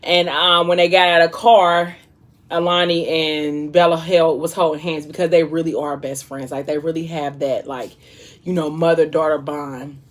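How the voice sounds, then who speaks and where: A woman's voice: sits low, fairly even intonation, moderate pace. A young woman vlogger casually retelling a book in a chatty, slangy way while she eats. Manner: chatty, slangy storytelling, eating between lines. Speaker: vlog host.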